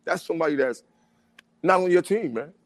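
A man in casual chat, talking in an animated, street-style way and often asking "you know what I'm saying". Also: on the high side, fairly quick, dry recording.

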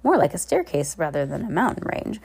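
Gravelly woman casually reading a novel. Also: deep voice, sing-song, fairly quick, darkish tone. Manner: unpolished, self-correcting, adds asides. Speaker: reader.

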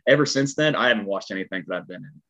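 A man's voice: fairly low pitch, very fast. Rambling man with a twang, dull sound. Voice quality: twang in his speech. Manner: animated, rambling, heavy filler words. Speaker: stunt performer guest. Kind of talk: casual storytelling.

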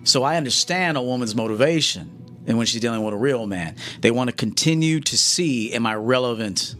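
A man with a middle-pitched voice lectures his viewers on a live stream. He is blunt and confrontational, and he keeps pressing them with "okay?" and "do you understand?". Faint music plays behind him. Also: animated, fairly quick, a bit bright. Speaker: coach.

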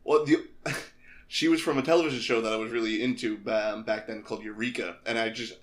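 A man co-hosting a casual movie podcast, easygoing and quick to laugh. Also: fairly low pitch, steady tone. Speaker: podcast co-host.

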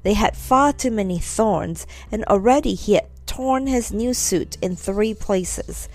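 A woman narrating a children's storybook with gentle, expressive reading. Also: medium pitch, measured pace.

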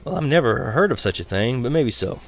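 A man voicing a dry, steady suburban father with a low, measured delivery. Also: gravelly, soft background music.

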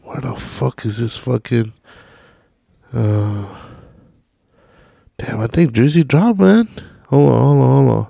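A man's voice: mid-range voice, slow, creaky, pauses often, warm tone, no echo, studio quality. A young man hosting a podcast, ranting casually and profanely while hunting for a video on his phone. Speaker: podcast host.

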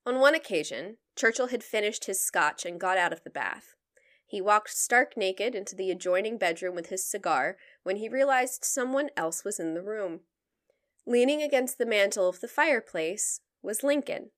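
A woman's voice: medium pitch, animated, normal speed, a bit bright. A young adult woman co-hosting a podcast, reading out researched history in a casual way and breaking into playful asides and laughter. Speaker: podcast co-host telling the story.

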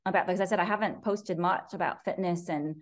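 An American woman, a professor talking as a guest in an interview, lively and quick to act out what other people say. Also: on the low side. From United States. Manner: animated, quotes critics in mocking voices. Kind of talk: conversational interview.

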